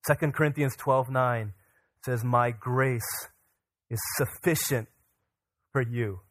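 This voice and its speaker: A man's voice: mid-range voice, fairly even intonation, slow, pauses often, a bit bright. A man preaching a sermon as pastor, earnest, his voice rising and falling for emphasis.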